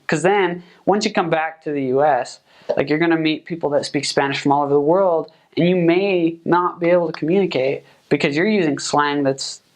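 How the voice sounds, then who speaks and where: A young man, a returned missionary, giving relaxed, chatty advice full of fillers. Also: a little high. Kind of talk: casual advice talk.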